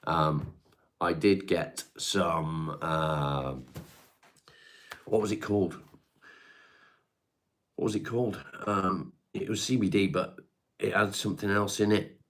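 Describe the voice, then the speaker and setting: A laid-back man hosts a live stream, reading out viewer comments and answering them. His voice sits very low, and he talks in a loose, offhand way with casual swearing. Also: a bit bright.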